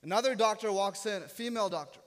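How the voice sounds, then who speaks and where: A man's voice: high-pitched, quick pace. A man in his thirties preaching a sermon as a pastor, telling a personal story with humor and self-deprecating jokes. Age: 30s. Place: church sanctuary. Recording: long reverb of a church hall.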